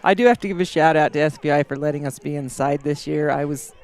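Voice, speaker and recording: A man giving live commentary on a school race from indoors, chatty and quick to laugh. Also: fairly high pitch, a little mellow. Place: indoors, watching on a big screen.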